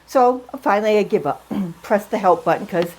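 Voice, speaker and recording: An excitable woman in her sixties, from New England, chatting at home in a casual vlog. Her voice is a little husky and she laughs easily as she tells her stories. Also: mid-range voice, moderate pace. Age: 60s. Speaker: vlogger. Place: at home, drying her hair.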